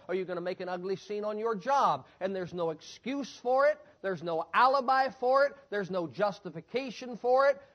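A man preaching with a high, emphatic voice, hammering his points home in repeated phrases. The recording sounds a little dull and lo-fi. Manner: emphatic, repetitive preaching cadence. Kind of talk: sermon.

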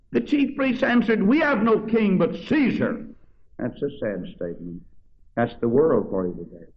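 Animated preacher man, lo-fi recording. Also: mid-range voice. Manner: reads King James verses with dramatic emphasis, then explains in plain speech. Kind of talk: sermon reading scripture aloud with commentary. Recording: dull lo-fi sermon recording.

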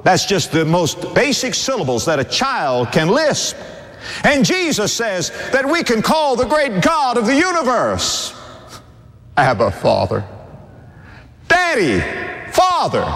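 Older preacher man in a ringing hall. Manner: dramatic storytelling preacher, swinging from soft low asides to loud emphatic lines. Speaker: pastor. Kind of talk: sermon. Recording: long hall reverb.

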